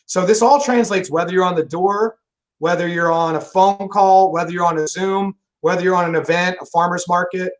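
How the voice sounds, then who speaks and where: Fast-talking, high-voiced man. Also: fairly even intonation, low-quality recording. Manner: fast, rambling and emphatic, swears freely. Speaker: solar sales pro guest. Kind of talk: casual interview chat.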